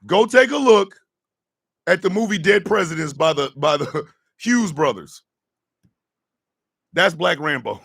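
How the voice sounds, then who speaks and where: Lively gravelly man riffing on radio. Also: a little high, unhurried, long pauses, no room sound, clean studio sound. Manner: loud, laughing, slangy, shouting outbursts. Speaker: radio morning show host. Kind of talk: riffing comedic radio talk. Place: radio studio.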